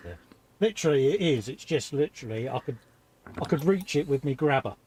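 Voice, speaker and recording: A man's voice: mid-range voice, animated, a little fast, a little mellow. A man co-hosting a casual live stream, laid-back and matey, often agreeing with his partner. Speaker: co-host of a modelling stream.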